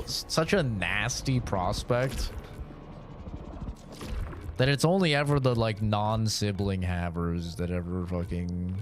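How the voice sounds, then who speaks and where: A man's voice: fairly low pitch, slight background noise. A young man chatting on a gaming stream, telling crude, profane, rambling stories. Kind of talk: casual stream chat.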